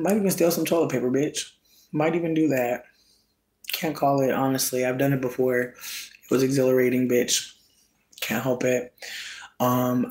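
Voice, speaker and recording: A man hosting solo, telling a casual comedic rant in slangy, profane, animated storytelling. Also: medium pitch, a little hiss or hum. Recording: roomy echo.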